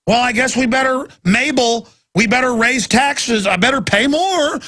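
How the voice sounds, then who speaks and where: A man's voice: extremely high pitch, normal speed, fairly bright tone, voice pushed up. A man voicing a gullible husband, in a sarcastic, chirpy and naive manner. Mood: mock naive. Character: gullible middle-aged husband trusting the authorities.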